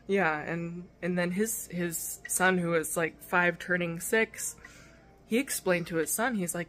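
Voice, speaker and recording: A woman's voice: on the low side, moderate pace. A young woman and mother telling a story in a casual vlog, candid and emotional, rambling with fillers and restarts. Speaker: vlogger and mother.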